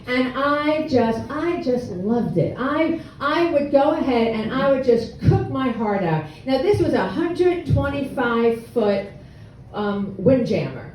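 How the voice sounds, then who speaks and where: A woman's voice: high voice, sing-song, slow, a little mellow, slight background noise. A woman in her sixties telling a humorous, self-deprecating story at a live storytelling event. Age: 60s. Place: hall with an audience. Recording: echoey room, mic from far off.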